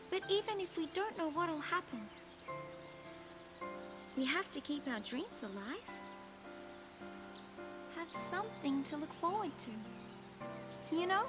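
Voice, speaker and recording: A woman's voice: extremely high pitch, animated, slow, pauses often, heavily acted. Bubbly girl with a put-on Australian twang. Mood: wistful. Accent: exaggerated Australian. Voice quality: sing-song, hammed-up. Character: perky bubbly young woman, playful teasing. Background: game music.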